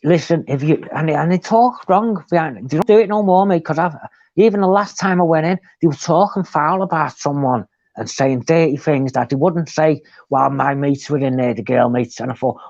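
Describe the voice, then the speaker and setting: Man, casual live-chat co-host, animated storyteller, dry lo-fi sound. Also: on the high side, moderate pace, gravelly, no room sound. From England.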